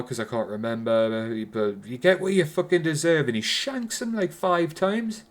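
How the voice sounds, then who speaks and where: Geordie man, casual film-review rant, heavy swearing, mid-pitched voice. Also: normal speed, few pauses. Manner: swears constantly, rambling with restarts.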